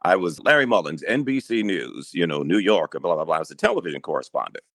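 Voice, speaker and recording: A middle-aged man with a very deep bass-baritone voice, telling stories easily in a casual interview. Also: fast talker, vocal fry, no echo, studio quality. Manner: relaxed storyteller, easy laughs. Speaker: radio news anchor.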